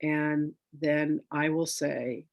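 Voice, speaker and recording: A man leading a spiritual reading in a relaxed, chatty way with a bit of self-joking. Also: fairly high pitch, extremely slow, gravelly, no echo, dull audio. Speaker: spiritual teacher doing a reading. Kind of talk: casual spiritual session.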